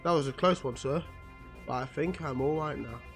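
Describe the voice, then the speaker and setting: A man's voice: on the high side, moderate pace, soft background music, lightly acted. A man reading a comic aloud, voicing a proud, confident young male flyer who answers politely but cockily.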